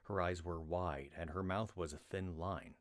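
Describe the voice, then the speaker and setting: A man reading a novel aloud on a livestream in a slow, steady storytelling manner. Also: deep voice, no echo, clean studio sound. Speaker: reader.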